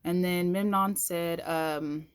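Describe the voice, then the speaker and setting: Lady vlogger telling a church-y story to viewers, fairly low voice, jumps way up when she quotes folks. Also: slow pace, clear, resonant tone. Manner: animated, acts out quoted voices with big pitch jumps; talks to viewers directly, uses "y'all". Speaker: vlogger sharing a faith story. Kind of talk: casual storytelling.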